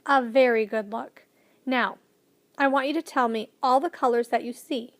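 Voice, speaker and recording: Kindly old professor, proud and emphatic, read by a high-voiced woman, storybook. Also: fairly even intonation, normal speed, natural voice. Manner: emphatic, cheerfully lecturing. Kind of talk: storybook reading.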